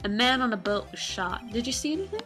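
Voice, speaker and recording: A woman's voice: on the high side, sing-song, fast, pushed and bright, soft background music. A woman voicing a meek young male lawyer who stammers and hesitates, in a fan game dub.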